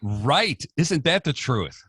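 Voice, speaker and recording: A man's voice: on the high side, sing-song, slow, fairly bright tone, a little hiss or hum. An American man hosting a radio talk show, interviewing a guest with jokey, playful banter. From United States. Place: radio studio.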